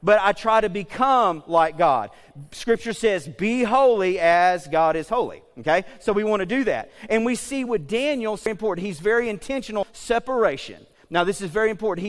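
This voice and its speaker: A male pastor preaching a sermon in a lively, conversational way, with joking asides and frequent checks like "okay?". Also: sits high, long reverb tail.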